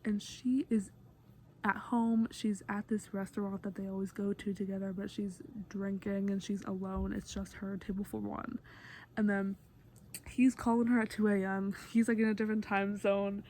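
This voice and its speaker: A woman's voice: mid-range voice, flat delivery, moderate pace, a little mellow, a little hiss or hum. A woman vlogger talking casually through a song breakdown, chatty and gushing like an eager fan, with many fillers. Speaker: music vlogger.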